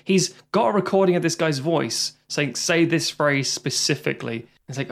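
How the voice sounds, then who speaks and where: A man's voice: fairly high pitch, vocal fry. A sweary British man chatting about film. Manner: swearing, acts out characters in quick asides. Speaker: podcast co-host. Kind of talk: casual film review chat.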